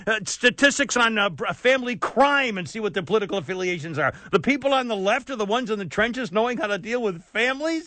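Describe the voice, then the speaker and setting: Worked-up high-voiced male radio host. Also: expressive, fast, hardly any pauses, pushed and bright, dry recording. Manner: exasperated, worked up, ranting. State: sweating, overheated. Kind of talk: opinionated talk radio rant.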